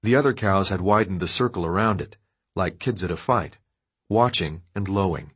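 A male audiobook narrator with a low, husky voice reads dark fiction. His delivery is steady and measured, and it stays even through the grim passages.

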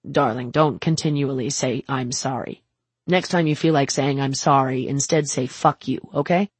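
A woman voicing a brash, doting older man who talks in a brisk, bossy, affectionate way. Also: very deep voice, husky, no room sound. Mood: coaxing.

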